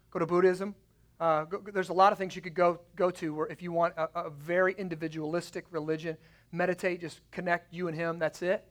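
A man preaching a sermon, swinging between loud emphatic peaks and low, quiet asides. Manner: emphatic preaching, rising loud on key points and dropping low. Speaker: pastor.

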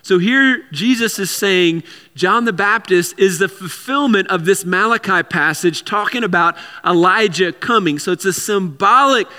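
A man's voice: high voice, normal speed, pushed and bright, long reverb tail. A man preaching a sermon in a conversational way, with repeated words and casual asides. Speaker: pastor.

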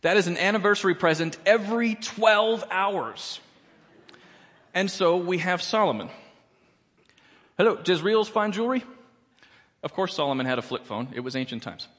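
A man's voice: sits high, moderate pace, a bit bright, long reverb tail. A man performing a stand-up comedy set in a church, with a wry, playful delivery. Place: church auditorium.

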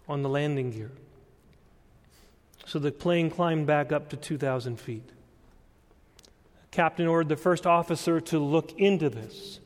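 Unhurried male preacher, earnest and deliberate, heard in an echoing church sanctuary. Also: on the high side. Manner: deliberate storytelling, building to earnest emphasis. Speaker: pastor. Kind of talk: sermon. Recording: long church-hall reverb.

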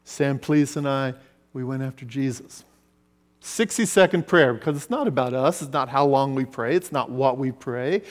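A man preaching a sermon, telling stories and swinging between loud passages and hushed ones. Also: a little high, moderate pace. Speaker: pastor. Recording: long reverb of a large hall.

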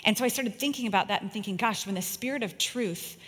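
A woman's voice: mid-range voice, fast, fairly bright tone, breathy edge. A woman in her thirties giving an earnest sermon, telling personal stories with emphasis. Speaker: speaker. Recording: long echo in a large room.

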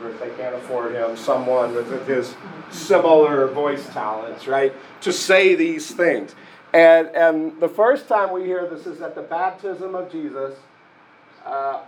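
Man, sermon, slow and reflective, slightly high voice, faint background hiss. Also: rough recording. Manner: slow, reflective, conversational with frequent restarts. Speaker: pastor and therapist.

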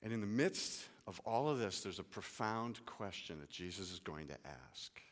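A man's voice: on the low side, animated, moderate pace, few pauses, in a large hall. A male pastor preaching a sermon, telling the story vividly and dropping casual asides.

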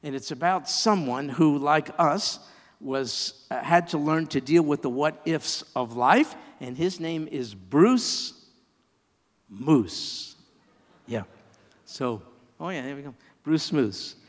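A man preaching a sermon, reading a children's story aloud with lively storytelling and playful asides. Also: fairly high pitch, takes it slowly, big-room sound.

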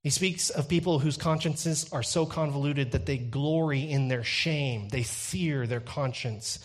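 A young man preaching a sermon, telling a personal story with a light touch and building to loud, intense emphasis. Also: fairly high pitch, a little slow.

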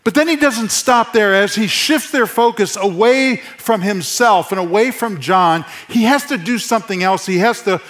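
A man preaching a sermon to his congregation in church, earnest, repeating phrases for emphasis and dropping to a soft hush. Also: sits high, moderate pace, hardly any pauses. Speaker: pastor.

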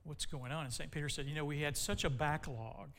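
A man's voice: on the high side, brisk, fairly bright tone, slight background noise. A man preaching a sermon, telling a long joke in a folksy way and then reading scripture aloud. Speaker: pastor.

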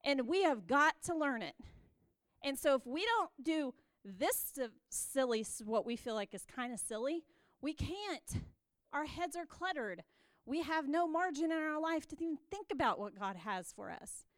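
High, earnest woman giving a church talk. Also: lively intonation, normal speed, no echo, clean studio sound. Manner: earnest, exhorting, repeats phrases, laughs between lines. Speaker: church speaker. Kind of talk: sermon-style teaching.

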